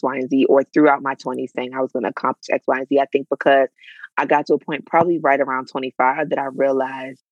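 A woman's voice: a bass voice, no echo, lo-fi sound. A woman of thirty, co-host of a podcast, in casual chat, sassy and playful, drawing words out for effect.

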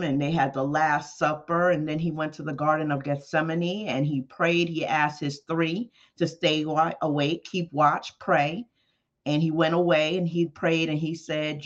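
Preacher, relaxed storytelling sermon delivery, mid-pitched, slightly muffled lo-fi recording. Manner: conversational storytelling with emphatic exclamations. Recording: dull lo-fi podcast audio.

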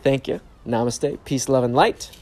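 On a grocery store trip, a young vlogger tells a casual story for a self-help vlog while on the go, laid-back, swearing freely and dropping spiritual catchphrases. His mid-range voice is steady, a little mellow, at normal speed.

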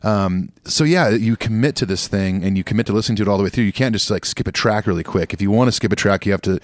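A man co-hosting a podcast in casual chat, easygoing and agreeable, quick to laugh. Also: lowish voice, no echo, studio quality. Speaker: podcast co-host.

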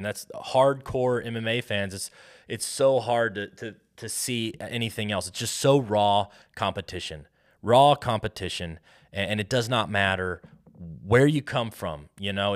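An American man hosting a solo podcast, rambling and riffing with lots of restarts and fillers. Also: fairly low pitch. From United States. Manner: rambling, self-interrupting, riffing. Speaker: podcast host.

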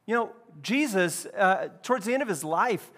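A man pastor preaching a lively, conversational sermon in a church. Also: sits high, moderate pace. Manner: conversational, animated preaching with casual asides. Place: church building.

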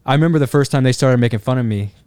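A man's voice: medium pitch, very fast, darkish tone, clean tone, no room sound, clean studio sound. A man chatting casually as a podcast guest, telling rambling stories and laughing often. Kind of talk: casual chat.

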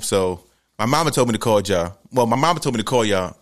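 A man from New telling a personal story. He is animated and profane and breaks into shouts. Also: fairly low pitch, fast. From New York City.

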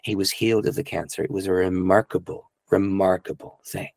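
A man's voice: low-pitched, little pitch movement, a little fast, creaky, darkish tone, no echo. A middle-aged male pastor telling a personal testimony in an earnest, emotional way. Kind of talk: testimony storytelling.

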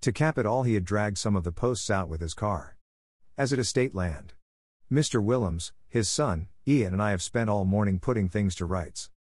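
A practical, exasperated estate manager in middle age, all business and brisk in how he talks, read by a man. The voice is low and dry, with no room sound. This is a storybook reading, close to the reader's own voice. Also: darkish tone, no echo, natural voice.

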